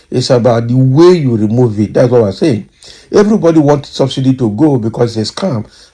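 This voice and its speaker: A man's voice: medium pitch, warm tone, poor audio. A man with a Nigerian English accent giving emphatic political commentary, asking rhetorical questions and reading out viewer comments. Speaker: news commentator.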